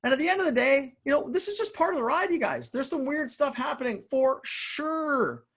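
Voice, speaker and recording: A man giving an energetic motivational talk over a video call, often repeating words and addressing the listeners directly. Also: very high voice, moderate pace. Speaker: motivational speaker and author. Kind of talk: live online motivational talk.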